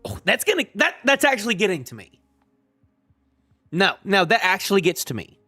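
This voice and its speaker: Excitable rambling man, lively pitch. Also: normal speed, slightly rough, no echo, faint music behind. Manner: rambling, restarting sentences, excitable. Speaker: streamer reacting to a manga chapter. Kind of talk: live reaction commentary.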